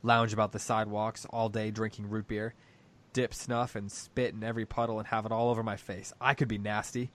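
A proud, bitter older farm woman demands and rails at the heavens, as a man reading a story aloud voices her. Her voice sits somewhat low. The delivery is plain reading rather than a full character performance. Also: flat delivery, a little fast, a bit bright, close to an everyday voice. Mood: railing. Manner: demanding, railing.

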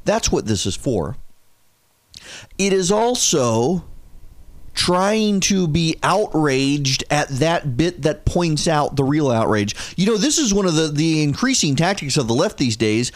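A man's voice: on the high side, a little slow, no room sound. A man hosting a talk radio show, reading headlines aloud and arguing back at them. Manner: animated, reads headlines aloud and argues back.

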